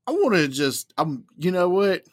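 A man's voice: high voice, very animated, normal speed, dry recording, studio quality. Playful man at the gaming table. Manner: playful, jokey banter. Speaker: player. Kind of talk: casual tabletop play.

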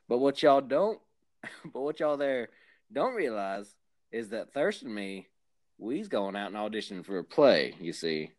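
A man playing a blustery Southern hillbilly podcast host with a drawling Southern accent and deliberately bad grammar. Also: mid-range voice. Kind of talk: comedic character banter.

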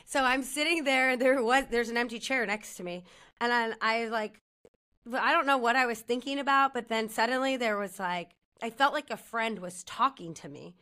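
Chatty woman podcaster, kinda high bright voice, laughs a lot, says like constantly. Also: moderate pace. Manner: rambling, heavy use of "like", laughs through her story. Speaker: podcast co-host. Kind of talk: casual chat, storytelling.

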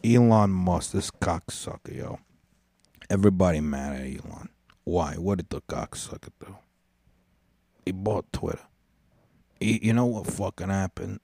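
Deep-voiced man in a profane ramble. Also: unhurried, gravelly, long pauses, warm tone, no room sound. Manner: rambling, profane, stumbling over words. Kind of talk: casual rant.

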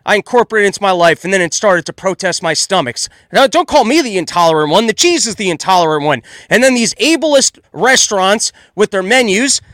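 A man in his thirties hosting a solo podcast, loud and exasperated as he rants in comedic commentary. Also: high-pitched, animated, brisk, hardly any pauses, no echo. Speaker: podcast host.

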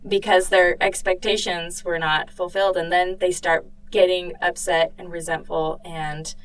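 A woman's voice: on the low side, little pitch movement, measured pace, slight background noise. A woman chatting about a book in a loose, conversational way, full of fillers and restarts. She sits a little back from the mic, so her voice sounds slightly distant. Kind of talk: casual discussion of a book.

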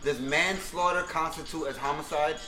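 A man's voice: fairly high pitch, fairly even intonation, moderate pace, music in the background, poor audio. A man co-hosting a casual podcast, joking with dry, mock-pedantic asides. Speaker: podcast co-host. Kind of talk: casual banter.

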